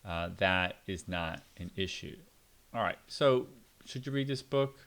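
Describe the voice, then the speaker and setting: A man's voice: deep voice, animated, a little slow, a bit bright, clear, resonant tone. A middle-aged man giving a casual, blunt and opinionated spoken book review, with fillers and asides. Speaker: book reviewer and parenting channel host.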